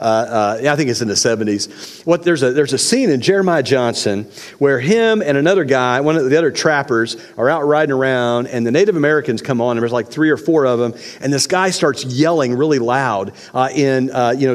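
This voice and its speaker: A man preaching a sermon as pastor, folksy and animated, acting out the shouts in the story. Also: medium pitch. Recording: long reverb of a large hall.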